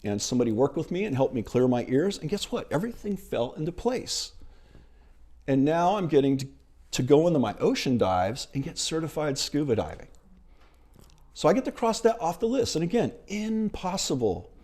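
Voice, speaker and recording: A middle-aged male minister giving a sermon, retelling a film scene in an animated storytelling manner. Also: a little high, normal speed.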